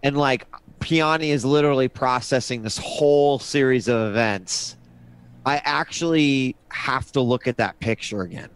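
A man taking part in a tabletop game as a player, chatting loosely and swearing freely between moves. His voice sits at a middle pitch. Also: normal speed, clear, resonant tone.

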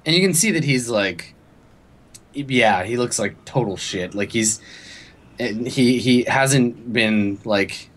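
A man's voice: medium pitch, lively intonation, slow pace. A man narrating as game master in casual, filler-heavy speech.

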